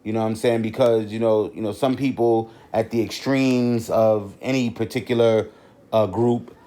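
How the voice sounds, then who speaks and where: A man's voice: lowish voice, steady tone, normal speed, warm tone. A middle-aged man hosting a podcast, talking off the cuff in a rambling way, with many restarts and constant "you know" fillers. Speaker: podcast host. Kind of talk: unscripted podcast monologue.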